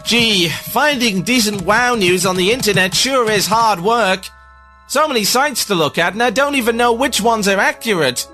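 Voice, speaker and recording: A bright, high gee-whiz young gamer bubbling with wholesome eagerness, as a man acts him out in a comedy radio ad. The voice leaps up and down with wide-eyed wonder. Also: expressive, normal speed, soft background music. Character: eager naive young male WoW fan.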